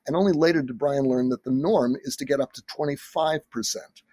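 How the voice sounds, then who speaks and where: A man with a somewhat husky voice explains negotiation as a guest on an interview podcast. He tells earnest stories and acts out the quotes in them. The sound is dry and close. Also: mid-range voice, brisk, dark tone, no echo. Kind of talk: expert interview answers with stories.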